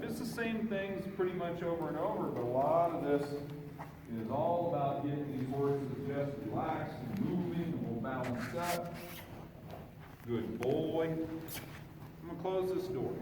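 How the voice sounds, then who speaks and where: A man training a horse, giving calm running commentary and soothing praise. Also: a little high. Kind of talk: training demonstration. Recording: echoey arena, far from the mic, ambient noise.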